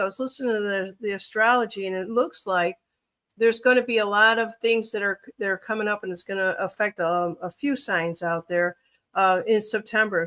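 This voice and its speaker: A woman's voice: medium pitch, sharp tone. A woman from Chicago with a Chicago accent, chatting casually on a livestream as a reader, rambling and thinking aloud with many fillers.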